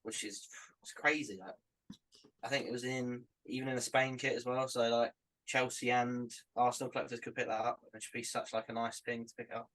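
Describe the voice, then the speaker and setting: A man's voice: medium pitch, little pitch movement, brisk, fairly bright tone, rough recording. A man on a casual podcast, talking in a laid-back, hesitant way with lots of fillers.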